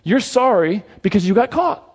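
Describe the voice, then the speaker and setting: A man's voice: sits high, animated, normal speed, voice pushed up. A male preacher voicing a firm mother scolding her young son. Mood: stern.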